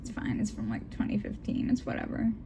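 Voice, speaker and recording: A woman's voice: mid-range voice, sing-song, a little fast, mellow, a little hiss or hum. A young woman reading fanfiction aloud with giggly, joking asides. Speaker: vlogger.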